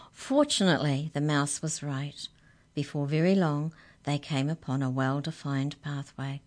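A woman with a low-pitched voice reads a children's story aloud. Her narration is expressive and gently dramatic. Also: unhurried.

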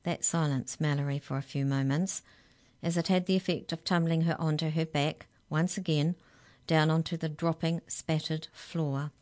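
A woman storyteller reading a children's story aloud in a measured, expressive way. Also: low-pitched.

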